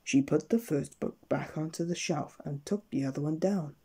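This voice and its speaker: A man gently reading a children's bedtime story aloud at an unhurried pace. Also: fairly high pitch, breathy edge.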